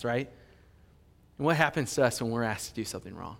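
A male pastor preaching a sermon in an animated, emphatic way. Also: medium pitch, a little fast, vocal fry. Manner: animated, emphatic, with fillers and restarts. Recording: long hall reverb.

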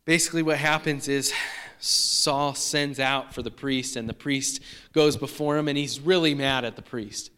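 A man's voice: mid-range voice, fairly even intonation, normal speed, fairly bright tone, clear, resonant tone. A man preaching a sermon in a conversational way, often repeating and restarting his phrases. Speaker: pastor.

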